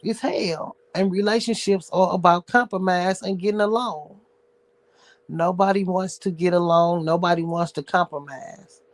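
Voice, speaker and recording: Male host with a high voice and a dry, close sound. Blunt, sassy, cursing streamer rant. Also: steady tone, moderate pace, no echo. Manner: blunt, profane, sassy ranting. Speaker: show host. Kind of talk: casual livestream rant.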